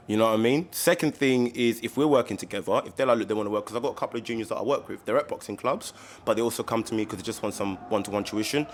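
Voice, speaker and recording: A man's voice: lowish voice, fast talker. Laid-back man saying "bro". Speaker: personal trainer, podcast guest. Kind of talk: casual chat.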